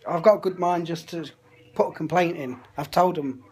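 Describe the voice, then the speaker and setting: A man's voice: on the high side, normal speed. Family vlogger in his 30s, casual chatty grumbling, phone-recorded at home with faint hiss. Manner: chatty, grumbling, indignant asides. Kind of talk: casual vlog chat. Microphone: phone held at arm's length.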